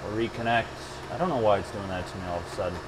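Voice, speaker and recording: A man's voice: lowish voice, racing, background noise. A man presenting a hands-on storage build in a lab, talking casually and joking between steps with rambling asides. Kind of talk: casual hands-on tech demo. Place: server lab.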